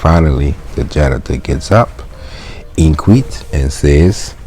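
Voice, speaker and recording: A man's voice: extremely low pitch, animated, slow pace, warm tone, slight background noise. A man reading a Latin textbook aloud and translating it in a casual, slangy way, breaking off with laughs and asides. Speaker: Latin teacher.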